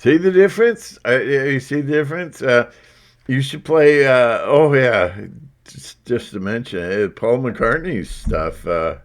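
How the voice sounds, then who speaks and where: A man's voice: medium pitch, expressive, unhurried. A man talking casually to his viewers in a meandering way, full of asides. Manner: meandering, with lots of verbal asides. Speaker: vlogger. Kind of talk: casual rambling talk to viewers.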